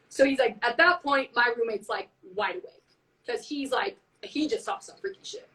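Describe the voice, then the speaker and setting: A woman tells a story in loose, casual chat, acting out each quote and leaning on "like" constantly. Her voice sits a little high. She sounds a step back from the phone mic. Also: brisk, recorded from a distance, poor audio. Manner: animated, heavy use of "like", acts out quotes. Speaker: band member on a live stream.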